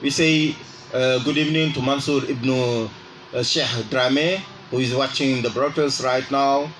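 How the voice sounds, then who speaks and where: A man hosting a radio English lesson, speaking slowly and repeating phrases so listeners can drill them. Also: medium pitch, steady tone, a bit bright, slight background noise, rough recording. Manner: exaggerates rising intonation on example phrases. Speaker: radio English teacher and host. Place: radio studio.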